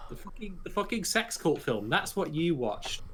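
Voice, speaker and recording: A man's voice: fairly high pitch, big pitch swings, normal speed, fairly bright tone, slight background noise. A man co-hosting a podcast in casual chat, joking, teasing and swearing freely. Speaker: podcast co-host.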